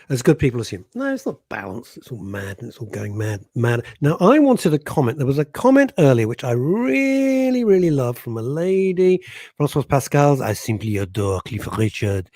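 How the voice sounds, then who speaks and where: A man's voice: mid-range voice, warm tone, no echo. A man from England co-hosting a casual radio chat show, joking and reading out listener comments. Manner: jokey, reads out listener comments.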